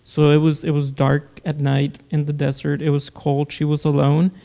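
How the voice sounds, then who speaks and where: A man's voice, fairly high for a man and held to a flat, even pitch. He tells a personal story earnestly in casual podcast talk, stopping and restarting his sentences. His tone is mellow and smooth, with some gravel. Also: moderate pace. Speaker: guest, producer.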